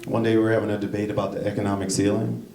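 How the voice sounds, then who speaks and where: A man's voice: lowish voice, level tone, very fast, mellow. A man performing a stand-up comedy set on a club stage, chatting with the crowd between jokes. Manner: conversational, jokey asides to the crowd. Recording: echoey club, mic heard from a distance, noisy. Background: audience laughter.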